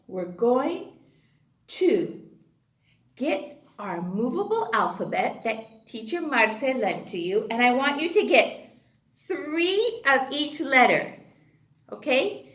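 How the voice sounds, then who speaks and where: A woman teaching a phonics lesson to young children, slow and sing-song, with excited gasps. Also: high-pitched, reverberant.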